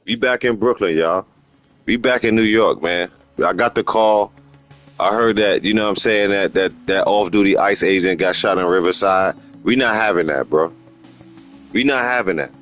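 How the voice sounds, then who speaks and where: Middle-aged dude rambling on his game stream, slangy, keeps repeating himself, squeaky when he quotes folks, faint music under it. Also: moderate pace. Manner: rambling and opinionated, slips into animated high-pitched quoting of others; slangy street vernacular, repeats himself for emphasis. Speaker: gaming livestream host. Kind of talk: casual livestream commentary.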